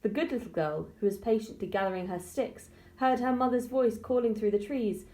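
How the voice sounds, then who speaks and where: A woman, an early-years teacher, reading a storybook aloud to young children slowly and expressively. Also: on the high side. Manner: slow, expressive and clear.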